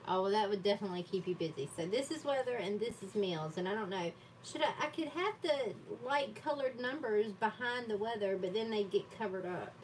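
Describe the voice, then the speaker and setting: A woman's voice: medium pitch, animated, fairly quick, few pauses. Woman, casual livestream chat, laughs at herself, distant mic, light room noise. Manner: chatty, self-deprecating, laughs often. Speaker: livestream host. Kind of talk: casual chat while journaling. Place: home art desk.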